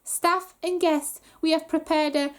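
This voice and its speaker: A woman's voice: very high-pitched, steady tone, measured pace, fairly bright tone, voice pushed up. A woman voicing a flustered mother who runs a hotel, gushing and overly polite. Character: flustered, eager hotel-manager mum.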